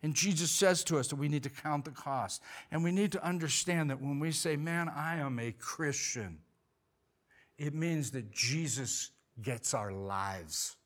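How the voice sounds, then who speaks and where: A man preaching a sermon, telling a story in an animated way, his voice rising when he quotes himself and dropping low and quiet on the serious points. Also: normal speed, hardly any pauses. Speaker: pastor.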